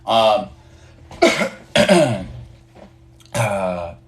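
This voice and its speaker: A man's voice: fairly low pitch, big pitch swings, drawn-out words, a little hiss or hum. A man teaching a casual management class on a live stream, talking loosely with many fillers and acting out short bits of dialogue. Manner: conversational, many fillers and restarts, acts out dialogue. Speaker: management coach. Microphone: phone on a live stream. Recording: roomy echo.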